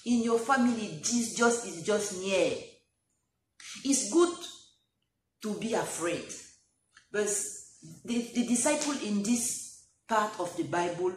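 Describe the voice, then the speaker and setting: A woman's voice: medium pitch, animated, a little slow. Preacher woman with a cold, echoey room. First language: not English. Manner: emphatic, repeats phrases, rises to loud pleading calls. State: has a cold. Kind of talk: sermon. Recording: echoey room, faint background noise.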